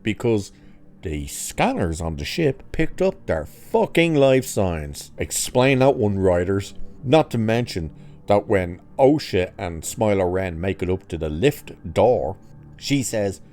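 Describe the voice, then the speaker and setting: A man's voice: fairly low pitch, big pitch swings, slow pace, a little mellow. A man recapping and reviewing a TV episode in a casual, sarcastic, mocking way, swearing freely.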